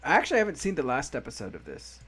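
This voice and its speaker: A man's voice: medium pitch, wildly swooping pitch, very fast, fairly bright tone, husky. A man hosting a casual anime review chat, talking loosely and laughing often. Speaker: podcast host.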